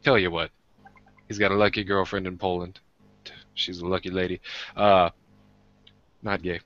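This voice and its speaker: A man's voice: sits low, little pitch movement, normal speed, fairly bright tone, dry recording, highs cut off. An American man co-hosting a podcast, telling rambling, self-deprecating stories in casual chat with many restarts. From United States. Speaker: podcast co-host.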